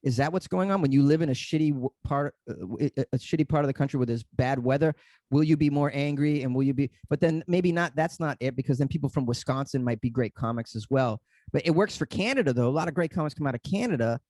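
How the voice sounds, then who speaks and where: A man's voice: mid-range voice, fast talker, darkish tone, no echo. A man, a comedian guest on a podcast, telling rambling stories that he corrects as he goes. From Boston area. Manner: rambling, self-correcting storyteller. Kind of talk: casual podcast chat.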